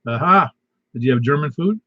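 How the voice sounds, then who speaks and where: Hosting a casual ham radio net, this man speaks fairly quickly in a highish voice with lively intonation, and a missing tooth leaves him with a slight lisp. His announcements ramble in a folksy way, padded with fillers. Background noise runs under the dull, lo-fi radio sound.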